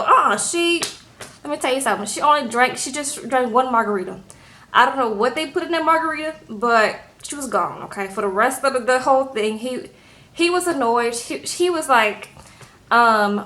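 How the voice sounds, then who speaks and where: Recapping a reality show in casual talk, a woman acts out the people's lines with sass and keeps tagging "okay?" onto her sentences. Her voice sits high, she speaks at a normal speed, and her manner is animated.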